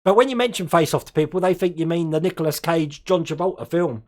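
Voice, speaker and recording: A man's voice: on the high side, fast talker. A man from Australia hosting a casual live stream, chatting and laughing often and tripping over his words now and then.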